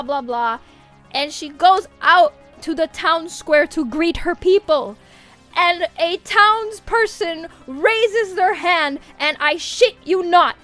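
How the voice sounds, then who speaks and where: A woman's voice: very high-pitched, a bit bright. A woman streamer in casual livestream chat, ranting animatedly with lots of swearing and frequent laughter. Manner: laughs often. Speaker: VTuber streamer.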